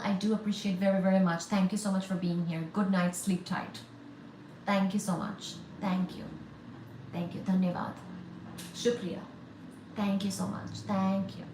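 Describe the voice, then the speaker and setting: A woman from India runs a chatty physics livestream, teasing viewers as she reads their comments aloud and responds. Her voice is mid-range, recorded with a roomy sound and background noise.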